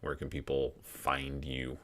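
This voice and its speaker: A man's voice: very deep voice, completely flat delivery, slow pace. A man hosting a podcast interview, wrapping up with many hesitant ums and uhs. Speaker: podcast host.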